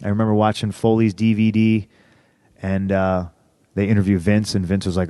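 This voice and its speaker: A man's voice: on the low side, level tone, fairly quick, a little mellow, clean tone, no room sound, clean studio sound. A man in his thirties, a podcast guest, telling a story with lots of swearing and heated, acted-out quotes. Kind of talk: casual storytelling in a podcast interview.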